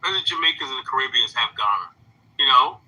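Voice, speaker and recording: A man's voice: mid-range voice, animated, fast talker, bright, forceful tone, slightly rough, poor audio. A man giving heated commentary, firing off blunt rhetorical questions and repeating himself. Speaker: commentator in a played clip. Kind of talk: heated commentary reacting to a clip.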